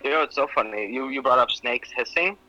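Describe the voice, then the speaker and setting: A man's voice: medium pitch, fast talker, bright, forceful tone, no echo, muffled recording. A man in his twenties co-hosting a casual podcast over a video call with headphones, making joking asides. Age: 20s. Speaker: podcast co-host. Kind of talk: casual chat.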